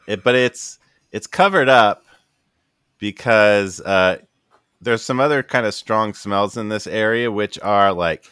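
A man's voice: medium pitch, fairly bright tone, smooth, no echo, studio quality. A man narrating as game master of a tabletop game, loose and casual with plenty of fillers.

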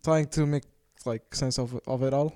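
A man in casual sports chat, teasing and jumping in with quick remarks and laughs. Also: medium pitch, fairly even intonation, mellow, smooth, no echo, studio quality. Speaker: podcast co-host.

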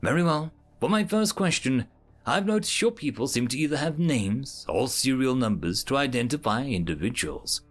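A man voicing a calm, curious human male interrogator who speaks in a measured, polite way. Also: medium pitch, soft background music, close to an everyday voice.

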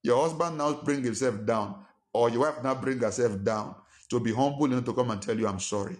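A man's voice: mid-range voice, fairly quick. Emphatic male preacher. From Nigeria. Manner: emphatic, fires rhetorical questions, acts out quarrels in a raised voice. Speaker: pastor. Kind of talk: sermon.

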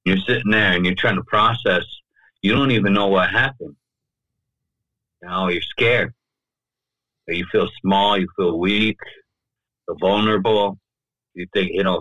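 Man, low voice, bright forceful tone, podcast guest, conversational storytelling, loose filler-heavy talk, dry close mic. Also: fairly even intonation, unhurried, long pauses, no echo, muffled recording. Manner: loose and talky, fills with "you know" and "right?". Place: podcast studio.

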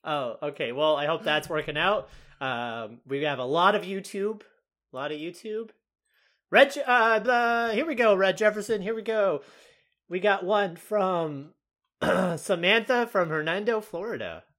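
A woman's voice: on the low side, a little slow, fairly bright tone. A woman co-hosting a podcast in casual chat, rambling with fillers and restarts. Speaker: podcast co-host.

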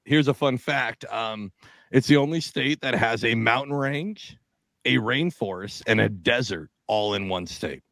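A man from Seattle in his middle years, talking loosely and profanely on a podcast and mimicking the voices of people in his stories. His voice is gravelly and the recording is close and dry. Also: medium pitch, measured pace, fairly bright tone, no echo. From Seattle, Washington. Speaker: podcast co-host. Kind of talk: casual podcast chat.

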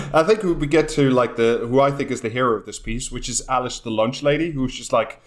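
A man's voice: mid-range voice, moderate pace. A British man co-hosting a casual comedy chat, sweary and sarcastic, often acting out mocking quotes. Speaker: podcast co-host.

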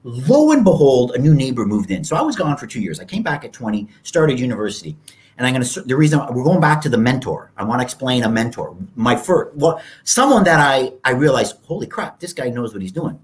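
Animated man telling stories. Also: mid-range voice, fairly quick. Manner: animated, acts out quotes in raised voices. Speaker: podcast guest. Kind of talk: storytelling interview talk.

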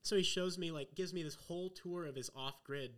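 A man's voice: fairly high pitch, fairly quick. A young man casually telling a road-trip story, leaning on "like" and acting out the people he quotes. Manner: animated storyteller, acts out quotes, heavy use of "like". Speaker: podcast guest.

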